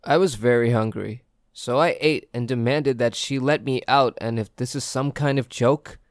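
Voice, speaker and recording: A man reading a first-person story aloud as a steady, even storyteller. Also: medium pitch, normal speed, no echo, studio quality. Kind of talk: first-person scripted narration.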